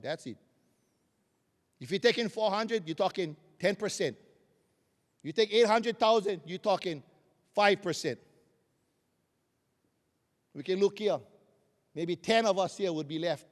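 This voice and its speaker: Fiery high-voiced man in a hall. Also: unhurried, long pauses. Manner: fiery, rising and dropping for emphasis. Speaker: keynote speaker. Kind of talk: impassioned keynote speech. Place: large hall. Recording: long hall reverb.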